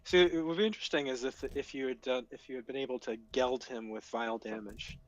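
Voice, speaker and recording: A man's voice: medium pitch, fairly even intonation, quick pace, dry recording, lo-fi sound. A man playing a tabletop game, making wry comments on the rules. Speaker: player.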